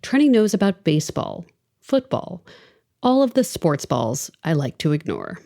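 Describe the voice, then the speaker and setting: A woman's voice: deep voice, big pitch swings, moderate pace, creaky, warm tone. A woman in her forties hosting a podcast, narrating a scripted story in a wry, conversational way. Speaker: podcast host.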